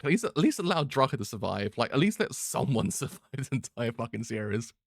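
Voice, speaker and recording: A man's voice: medium pitch, big pitch swings, fairly quick, gravelly, dry recording. A man reacting emotionally to a manga he reads, swearing often and laughing between lines.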